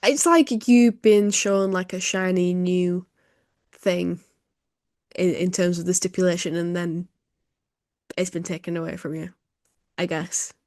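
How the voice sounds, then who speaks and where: Easygoing woman, lowish voice. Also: fairly even intonation, unhurried, pauses often, a little mellow, no echo, studio quality. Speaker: podcast co-host. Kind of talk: casual review chat.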